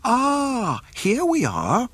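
A man voicing a prim, fussy male protocol robot in a high, precise voice. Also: wildly swooping pitch, very slow, a bit bright, husky, no echo, exaggerated voice.

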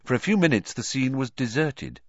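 A man reading a children's novel aloud as narrator, in an expressive, animated storytelling manner. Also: medium pitch, normal speed, vocal fry, dry recording, highs cut off. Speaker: audiobook narrator.

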